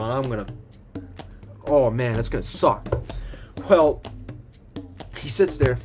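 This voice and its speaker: A young man telling a casual storytime vlog, rambling with restarts and fillers, and acting out the other people's voices. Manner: acts out quoted voices, squeaks high when panicked. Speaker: vlogger.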